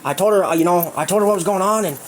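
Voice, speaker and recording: A man's voice: high-pitched, racing, a little hiss or hum. A man telling a crude, rambling story in casual livestream chat, full of fillers.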